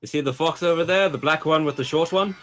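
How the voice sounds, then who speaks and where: A man's voice: on the high side, quick pace, a bit bright, faint music behind. Joking man playing a tabletop game. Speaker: player. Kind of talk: tabletop role-play chat.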